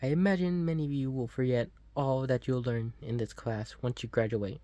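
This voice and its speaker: A man's voice: medium pitch, steady tone, normal speed, mellow, no room sound, muffled recording, lightly acted. A man voicing a formal male art teacher from a game, reading his lines with a stiff, slightly accented delivery.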